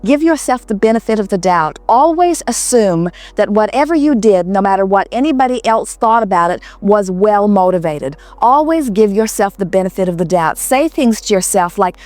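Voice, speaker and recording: A woman giving an inspirational talk to a live audience, speaking as a collective "we" in a calm, reassuring way with repeated phrases. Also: mid-range voice, moderate pace, few pauses, no echo, soft background music. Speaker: seminar speaker answering audience questions.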